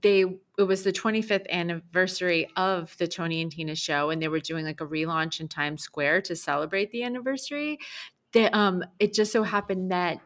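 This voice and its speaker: A woman from Long Island, co-hosting a podcast and telling a story in a lively, chatty way. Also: lowish voice, brisk. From Long Island, New York. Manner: animated storyteller, laughs and puts on voices. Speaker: podcast co-host. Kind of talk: casual storytelling chat.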